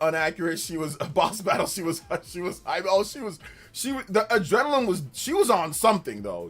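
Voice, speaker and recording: A man chats casually on his gaming livestream, spinning animated stories and breaking into laughter often. His pitch jumps around a lot as he acts out quotes at full volume, while faint music plays behind him.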